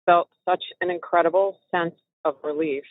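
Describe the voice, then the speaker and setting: A woman's voice: lowish voice, steady tone, normal speed, dry recording. A woman calling in to a talk show, speaking eagerly and emphatically. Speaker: caller. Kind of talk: casual call-in chat. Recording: tinny phone line.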